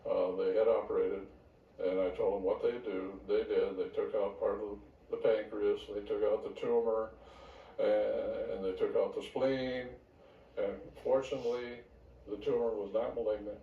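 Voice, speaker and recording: An older man telling a personal story in a halting way, with frequent fillers and restarts. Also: on the low side, flat delivery. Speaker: speaker giving a testimony. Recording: distant, echoey, dull lo-fi sound.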